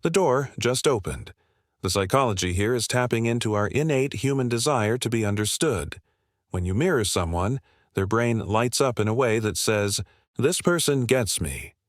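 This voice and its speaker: A man giving scripted narration in a measured, confident storytelling manner, asking the listener rhetorical questions. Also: lowish voice, animated, dry recording, studio quality.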